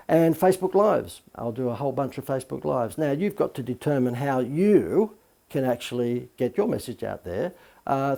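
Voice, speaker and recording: A man's voice: medium pitch, vocal fry, mellow. A middle-aged man who is a marketing coach, giving a casual spoken lesson on marketing with lots of fillers and the odd "okay?" tag. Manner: chatty, many fillers, asks "okay?". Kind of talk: casual video talk on marketing.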